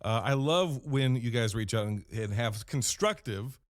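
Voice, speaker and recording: A man hosting a podcast, rambling through a comedic in-character monologue with deadpan storytelling and self-corrections. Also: medium pitch, measured pace, no room sound, studio quality. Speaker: podcast host.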